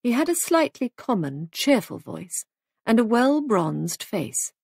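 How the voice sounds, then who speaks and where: Gravelly woman reading an audiobook. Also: a little high, sing-song, darkish tone, dry recording. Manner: measured storytelling. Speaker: audiobook narrator. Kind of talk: audiobook narration of a mystery.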